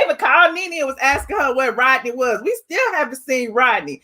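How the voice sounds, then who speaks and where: High-voiced woman channel host, chatty and amused, reacting to clips. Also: animated, a little fast, bright, forceful tone. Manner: amused and incredulous, laughs often, asks rhetorical questions. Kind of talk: casual commentary reacting to clips.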